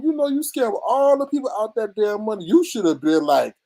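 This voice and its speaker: Fairly quick and high-voiced, a man gives casual gossip commentary to his livestream audience. He reads chat messages aloud in an animated, dramatic style, with frequent bursts of laughter.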